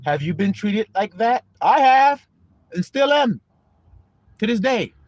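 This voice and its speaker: A high-pitched man preaching to his online flock, his voice swinging widely up and down as he jokes, swears and fires rhetorical questions. The sound is close and dry, with no room around it. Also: very animated, slow pace, no room sound. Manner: profane, mocking and laughing, rhetorical questions. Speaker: online preacher and livestream host. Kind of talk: streetwise livestream preaching.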